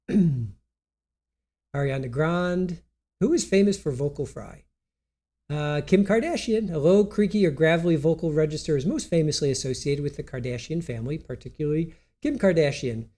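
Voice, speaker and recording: Man, live-stream host, casual rambling chat, stuffy nose, high-ish, warm dark tone. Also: expressive. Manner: rambling, laughs often, reads aloud haltingly.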